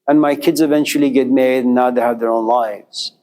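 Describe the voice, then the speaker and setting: A man's voice: medium pitch, fairly quick, hardly any pauses, a little mellow. A man lecturing to a class, telling a life story in a repetitive, rhythmic way with quoted inner voices.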